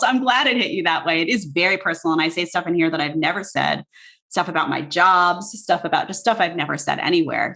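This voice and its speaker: A woman in her thirties, a book author and guest, talking in animated casual chat full of likes and restarts. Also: lowish voice. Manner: animated, talks fast with many likes and restarts. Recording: live video call.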